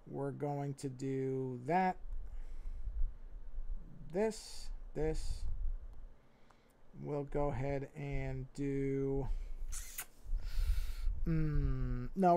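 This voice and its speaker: A man's voice: mid-range voice, creaky, warm tone. A man streaming his drawing session, thinking aloud in a rambling, self-correcting way and mumbling as he looks down away from a fixed mic. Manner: mumbly while looking down. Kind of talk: casual livestream commentary while drawing. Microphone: fixed mic while head faces down at a tablet.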